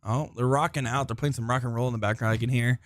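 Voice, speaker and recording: Casting: man, mid-pitched, chatty, self-deprecating live darts commentator, dry close mic. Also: fairly even intonation, quick pace, no echo. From Florida. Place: busy indoor tournament hall.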